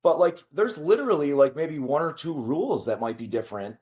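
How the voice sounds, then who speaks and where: A man's voice: a little high, expressive, a little fast, a little mellow. Male host, casual and enthusiastic, stumbles and restarts, says "man" a lot. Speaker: podcast host. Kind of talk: casual interview chat.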